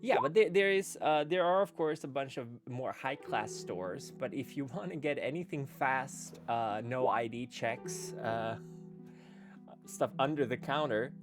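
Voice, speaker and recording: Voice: mid-range voice, measured pace, music in the background. Playful game master. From Sweden. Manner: playful, laughs often, hesitant fillers. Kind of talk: narrating a tabletop game.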